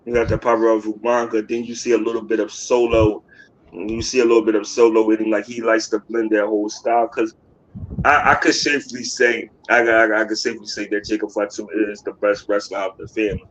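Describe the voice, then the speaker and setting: A man's voice: fairly low pitch, flat delivery, fast, muffled recording. A man co-hosting a podcast in loose casual chat, often restarting and repeating his phrases. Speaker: podcast co-host.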